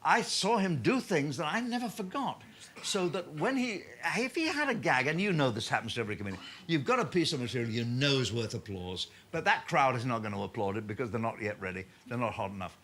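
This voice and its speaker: A man, a comedian telling anecdotes on stage in lively storytelling punctuated by laughter. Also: mid-range voice, a little fast.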